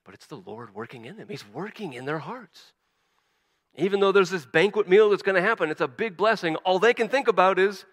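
A man preaching a sermon as a pastor, animated, acting out quoted voices, often stumbling and restarting. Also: sits high, a little fast, long reverb tail.

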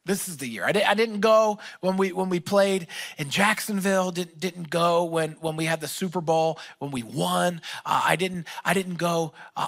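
A male pastor telling a humorous story to his congregation during a sermon, animated and self-mocking. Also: high-pitched, creaky. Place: church with live audience.

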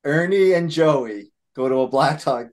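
A man's voice: fairly high pitch, lively intonation, a little slow, slight background noise. A man hosting a casual chat, cutting in to react and laughing.

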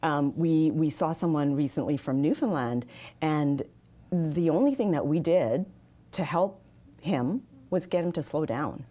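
Low, mellow-voiced woman explaining speech. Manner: measured, practical, many fillers. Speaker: accent and speech specialist. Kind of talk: interview answers, explanatory.

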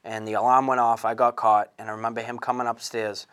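A man in his thirties telling his own recovery story in an earnest, halting way, with frequent restarts and fillers. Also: medium pitch, level tone, a bit bright, smooth. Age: 30s. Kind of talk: candid personal testimony.

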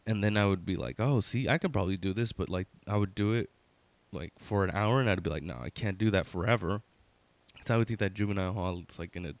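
Middle-aged man, low voice, dry close sound; rambling, wry storyteller, lots of fillers and self-corrections. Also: no echo. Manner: wry, conversational, addresses listener with "right?". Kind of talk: casual personal storytelling.

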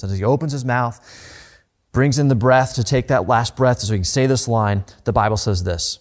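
A man preaching a sermon in a conversational tone, telling the story in a lively way. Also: mid-range voice, moderate pace. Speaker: pastor.

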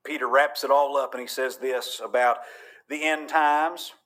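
A man's voice: medium pitch, steady tone, normal speed, fairly bright tone. A man from Georgia preaching a sermon, folksy and joking one moment, fervent and thundering the next. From Georgia, USA. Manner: fervent, folksy, cracks jokes then thunders.

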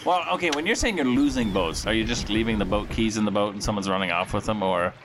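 A man's voice: lowish voice, fast talker, background noise. A man playing a tabletop game, joking and teasing the others. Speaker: player.

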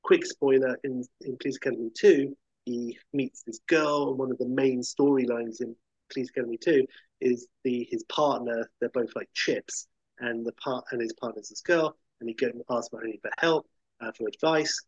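A man's voice: mid-range voice, fairly even intonation, normal speed, husky, no room sound. A man chatting enthusiastically about films, rambling and acting out quotes. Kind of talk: casual chat about films. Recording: dull lo-fi sound.

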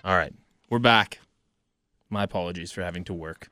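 A man's voice: low voice, moderate pace, loud music behind the voice. A man hosting a casual podcast, recapping events from notes in a laid-back way with joking asides. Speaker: podcast host. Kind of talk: casual wrestling podcast chat.

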